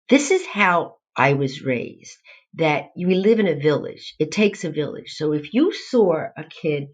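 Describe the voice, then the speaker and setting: Animated low-voiced woman. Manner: animated storyteller, acts out quoted voices. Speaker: guest, nutrition professor. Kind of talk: podcast interview. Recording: dull lo-fi audio.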